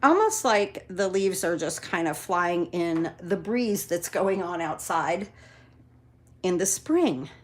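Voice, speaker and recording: A woman's voice: fairly low pitch, expressive, takes it slowly. A woman demonstrating card-making in a casual craft tutorial, talking in a chatty, encouraging way with many fillers.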